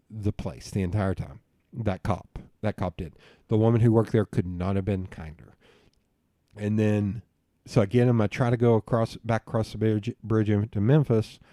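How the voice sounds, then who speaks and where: A man's voice: lowish voice, steady tone, normal speed, mellow, no echo, clean studio sound. A man in a podcast interview, telling a long, profane story with laughs along the way. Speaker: podcast guest. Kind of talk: casual storytelling chat.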